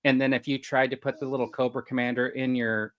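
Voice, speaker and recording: A man's voice: mid-range voice, level tone, quick pace, highs cut off, slight background noise. A man co-hosting a casual panel podcast, rambling as he works numbers out aloud and laughing often. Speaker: podcast co-host.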